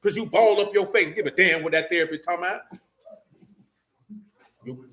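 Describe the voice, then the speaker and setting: A middle-aged man preaching in loose talk, joking and mocking with loud bursts. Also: high-pitched, normal speed. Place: church meeting room.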